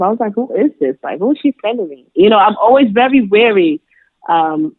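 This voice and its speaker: A woman's voice: lowish voice, dry recording. Young woman, makeup artist guest, chatty and filler-heavy, on a dry phone-like line. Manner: chatty, many fillers, lively quoted voices. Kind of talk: casual interview chat. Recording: dry tinny phone-like sound.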